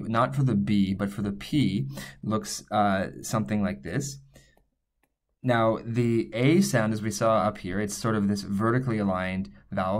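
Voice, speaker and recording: A man teaching Korean letters, patiently explaining each step as he writes them out. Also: lowish voice. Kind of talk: whiteboard writing lesson.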